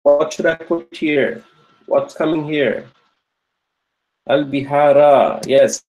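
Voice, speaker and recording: A man's voice: a little high, fairly even intonation, slow, darkish tone, rough recording. Patient man teaching Arabic grammar. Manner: patient, repeats each answer and checks with "okay?"; praises students' answers. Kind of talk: online grammar lesson.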